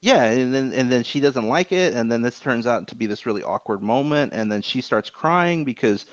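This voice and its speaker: A man co-hosting a podcast, chatting casually about anime episodes in an animated, rambling way and swearing freely. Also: medium pitch, normal speed, dry recording. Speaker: podcast co-host. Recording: dull lo-fi podcast audio.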